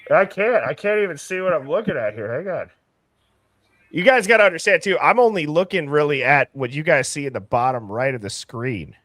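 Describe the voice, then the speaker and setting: A man's voice: fairly high pitch, expressive, a little fast, fairly bright tone, dry recording, clean studio sound. A man hosting a live stream, chatting casually and thinking aloud as he reads comments. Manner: easygoing, thinks aloud while reading chat. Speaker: host.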